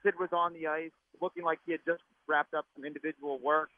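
A man reporting by phone from a practice rink, his voice muffled by a mask, talking rapidly and chattily. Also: a little high, level tone, dry recording. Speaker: sports reporter calling in. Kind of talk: casual chat. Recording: tinny phone line.

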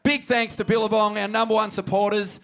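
A man's voice: high voice, flat delivery, a little fast, fairly bright tone. A man with an Australian accent, co-hosting a live comedy podcast, rambling loosely with lots of fillers. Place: live show in a pub.

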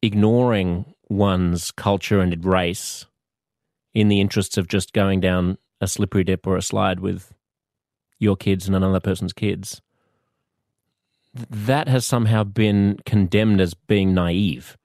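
A man with an Australian accent hosting a podcast, speaking in a thoughtful, measured monologue with pauses and restarts. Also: deep voice, fairly even intonation, a little mellow, no room sound, clean studio sound. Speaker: podcast host. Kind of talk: reflective monologue.

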